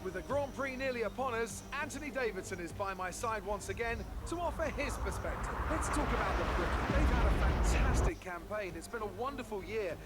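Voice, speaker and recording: A man's voice: high-pitched, animated, fairly quick, hardly any pauses. A man voicing an upbeat race commentator in polished, scripted broadcast-style sports commentary. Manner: grand, announcer-style delivery. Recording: game audio with music. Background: game music.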